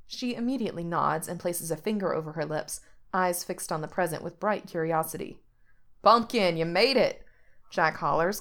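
A woman narrating a story aloud with steady, expressive delivery. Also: fairly low pitch.

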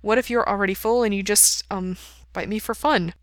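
A woman's voice: medium pitch, steady tone, fairly quick, no room sound, studio quality, close to an everyday voice. A woman reading aloud and voicing an earnest, devoted young man who sounds eager and a little nervous.

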